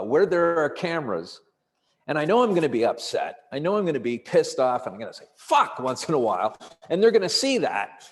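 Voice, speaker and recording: A man, a comedian guest, telling stories in animated, profane casual talk, acting out the people he quotes. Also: fairly high pitch. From Canada. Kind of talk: storytelling in casual conversation. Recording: long reverberant room sound.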